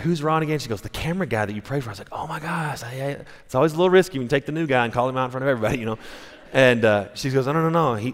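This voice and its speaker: A male pastor preaching a sermon, telling stories in a conversational way with frequent restarts. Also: fairly low pitch. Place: church sanctuary. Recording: long reverb of a church hall.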